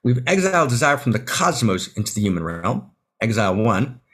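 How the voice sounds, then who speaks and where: In a video-call conversation, a male author guest speaks a little fast in a sing-song, mid-range voice that is fairly bright with a breathy edge. He's emphatic and emotional, near tears at times, and keeps ending phrases with "right?"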